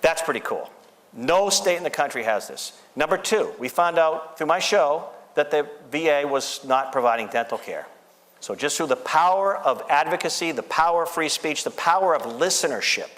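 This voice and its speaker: A man's voice: fairly high pitch, a bit bright, in a large hall. Earnest man in his fifties speechmaking. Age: 50s. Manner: earnest, emphatic, repeating phrases. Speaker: radio show host. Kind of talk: speech at an event.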